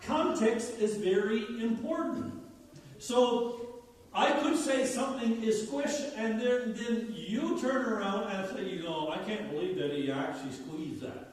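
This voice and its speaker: Man, Newfoundland accent, folksy chatty preacher, high voice, distant mic in a reverberant hall. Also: a little slow. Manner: folksy, chatty, asks the congregation questions. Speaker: pastor. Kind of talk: conversational sermon. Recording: echoey church hall, mic far off.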